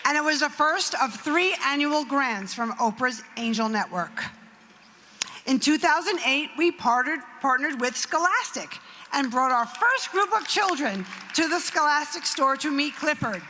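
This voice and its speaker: In a reverberant event hall with a little background noise, a middle-aged nonprofit founder gives a speech. Her high voice is sharp in tone, with lively intonation and an unhurried pace, as she tells a story peppered with acted quotes and asides.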